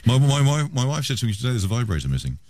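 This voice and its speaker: Very fast and sing-song, a radio host with a medium-pitched, slightly mellow voice banters casually with his guest. The exchange is full of teasing, cheeky jokes.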